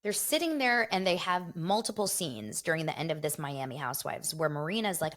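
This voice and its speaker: A middle-aged woman hosts a casual gossip commentary in a slightly low voice. She is chatty and animated and talks straight to her viewers. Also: brisk, few pauses. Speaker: show host.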